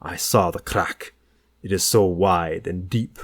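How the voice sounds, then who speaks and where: Male reader doing a French seducer: French accent, slow and insistent, low and dry. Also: fairly even intonation, breathy edge, dry recording, heavily acted. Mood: commanding. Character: languid, intense French man, a seductive stranger.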